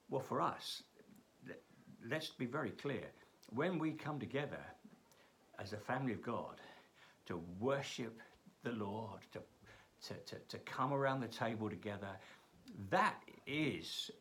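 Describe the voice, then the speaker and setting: A man giving a daily Bible devotional as pastor, halting with frequent restarts and briefly putting on mocking voices. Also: medium pitch, a bit bright.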